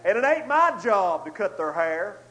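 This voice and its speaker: A man preaching a storytelling sermon, swinging between loud outbursts and hushed asides. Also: sits high, big pitch swings, normal speed, low-quality recording.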